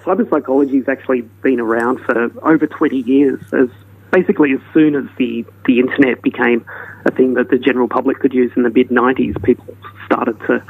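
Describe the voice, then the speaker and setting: A man's voice: medium pitch, gravelly, husky, no echo. An Australian man, a researcher interviewed on radio, explaining carefully with frequent ums. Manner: measured, explanatory, many ums. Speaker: guest researcher. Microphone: phone line. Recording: tinny phone line.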